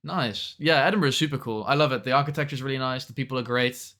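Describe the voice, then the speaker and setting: A fast-talking young adult male streamer reads chat aloud between rounds of a game, keeping things casual and swearing at the game now and then. His pitch is medium and his tone a bit bright.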